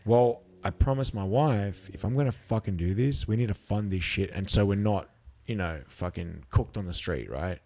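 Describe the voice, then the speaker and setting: Aussie bloke in his 30s, low-pitched, loose sweary podcast storyteller. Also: normal speed. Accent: Australian. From Australia. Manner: animated, swears freely, acts out quotes. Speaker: guest, competitive eater. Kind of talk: casual storytelling with profanity.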